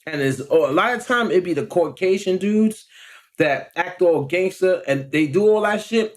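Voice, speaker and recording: A man, telling a story in a casual, animated vlog rant and often checking in with the listener. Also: high voice, normal speed. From Long Island, New York. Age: 40s. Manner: animated, acts out quoted voices, frequent "you know what I'm saying". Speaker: vlogger.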